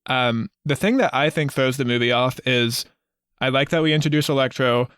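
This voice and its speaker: A man's voice: mid-range voice, normal speed, a bit bright, clean tone, dry recording, studio quality. A man co-hosting a casual film review chat, earnest and repeating words as he starts sentences. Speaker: podcast co-host.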